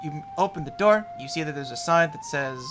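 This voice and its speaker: A man's voice: a little high, lively intonation, brisk, over music. A man narrating a tabletop game as game master, describing scenes casually with many fillers.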